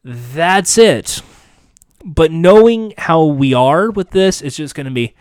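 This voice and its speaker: A man's voice: fairly high pitch, expressive, slow pace, no room sound. Sarcastic, swearing male podcast host. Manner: candid, sarcastic, swears freely. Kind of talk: casual chat.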